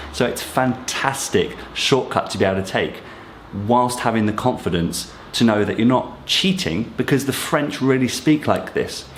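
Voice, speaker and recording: A man with a fairly low voice explains everyday French expressions, friendly and encouraging as he talks straight to his viewers. His voice bounces around an echoey room. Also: slight background noise. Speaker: French teacher. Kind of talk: casual explanatory teaching.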